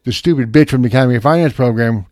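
A man's voice: medium pitch, racing, darkish tone, no echo, clean studio sound. A middle-aged man telling a profane, brash story in casual chat.

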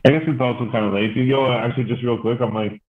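A man's voice: mid-range voice, steady tone, fast talker, noisy background. A man chatting casually, telling rambling stories full of fillers and swearing. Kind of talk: casual chat. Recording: tinny phone-like line.

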